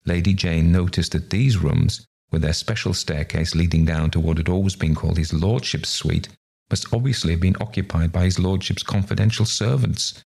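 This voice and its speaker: A man reading a ghost story aloud in a measured, even storybook narration. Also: sits low, gravelly, slightly rough. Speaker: story reader.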